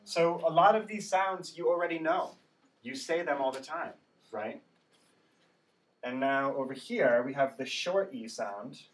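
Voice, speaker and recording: A man's voice: on the high side, unhurried. A male English teacher running a classroom pronunciation drill, patiently saying words for the class to repeat and checking in with "right?". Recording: distant classroom recording.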